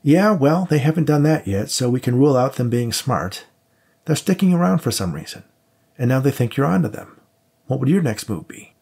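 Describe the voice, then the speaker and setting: A man's voice: mid-range voice, very animated, normal speed, darkish tone, husky, pitched above the performer's own voice. A man voicing an agitated male police detective who insists on protecting his partner. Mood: insistent. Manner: insistent, pressing.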